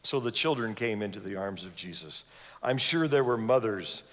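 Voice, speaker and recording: A man's voice: on the low side, animated, normal speed. Man preaching a storytelling sermon in a reverberant church. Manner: storytelling, acting out voices of the people in the story. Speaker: guest preacher. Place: large church sanctuary. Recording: long hall reverb from a church sanctuary.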